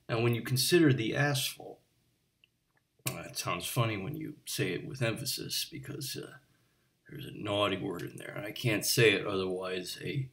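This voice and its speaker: A man plays an eccentric bartender who rambles from one digression to the next, lecturing his customer with pedantic asides in a comic monologue. The voice sits low, and it sounds a little distant from the mic. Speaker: bartender character. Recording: voice a bit far from the mic.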